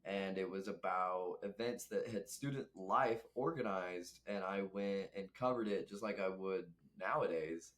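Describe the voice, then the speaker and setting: Low-voiced young man telling stories. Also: measured pace, hardly any pauses, a bit bright. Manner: rambling, reflective, laughs often. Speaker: guest. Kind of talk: casual storytelling chat.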